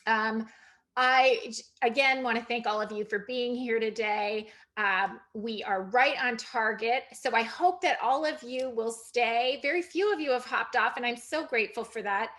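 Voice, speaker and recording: A woman's voice: on the high side, moderate pace. A woman, a county party chair, thanking everyone and closing a virtual meeting, chatty and grateful. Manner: warm thanks, chatty with fillers. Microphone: video call.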